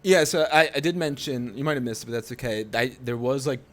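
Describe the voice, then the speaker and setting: A man's voice: mid-range voice, fast talker, a bit bright. Easygoing male game master. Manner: easygoing, prompting players. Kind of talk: running a tabletop game.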